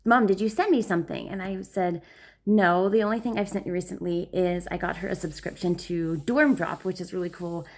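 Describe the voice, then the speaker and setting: A middle-aged woman, a mother, telling a casual family story in a chatty, animated way, acting out her daughter's lines in a high voice. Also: normal speed.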